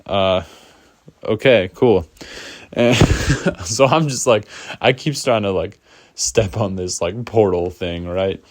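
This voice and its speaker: Low-voiced man rambling through a story. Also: takes it slowly, dry recording, clean studio sound. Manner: rambling, full of "like" fillers, laughs often. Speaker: storyteller vlogger. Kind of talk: casual storytime.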